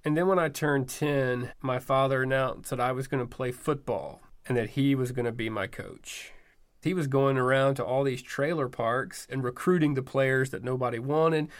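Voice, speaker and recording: A man's voice: medium pitch, steady tone, moderate pace. A man in his thirties telling a personal story in a wry, self-mocking, conversational way. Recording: music heard behind the voice. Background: music.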